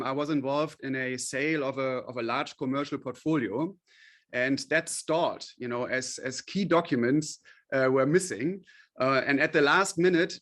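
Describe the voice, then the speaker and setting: A man's voice: medium pitch, a bit bright. A man, a company chief executive, guest on a radio interview, explaining at length in a friendly way with frequent fillers.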